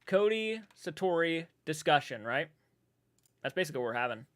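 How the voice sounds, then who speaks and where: A man's voice: on the high side, big pitch swings, a little fast, a bit bright, no room sound. A man chatting casually on a live stream, reading viewers' comments aloud, rambling and swearing freely.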